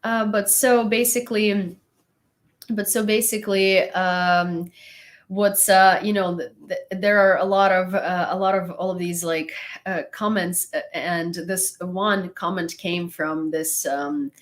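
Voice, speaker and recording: A young woman talks casually to her live-stream viewers in a slightly low voice. She rambles, restarts her thoughts and breaks off to thank people in the chat with a laugh. The tone is loose and conversational rather than scripted. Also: fairly even intonation, a little slow.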